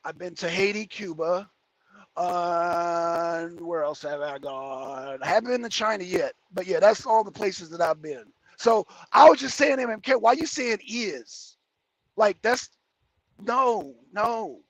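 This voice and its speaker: A truck driver livestreams from the cab of his heavy truck on the road, rambling, joking, and answering viewer comments between remarks about driving. His voice is high-pitched and expressive, a little slow, with no room sound.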